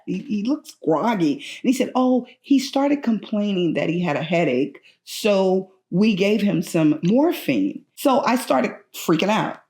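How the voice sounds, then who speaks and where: A middle-aged woman, a patient's mother, recounts a personal story in an anxious, animated way and acts out other people's lines. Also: mid-range voice, moderate pace, hardly any pauses. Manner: anxious and urgent, frequent restarts.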